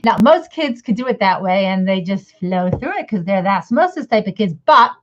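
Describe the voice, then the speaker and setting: A woman's voice: mid-range voice, expressive, a little fast, hardly any pauses, a bit bright, slight background noise. A woman giving a casual, rambling lesson to parents, often acting out little mock dialogues. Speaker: educator. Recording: slightly dull lo-fi audio.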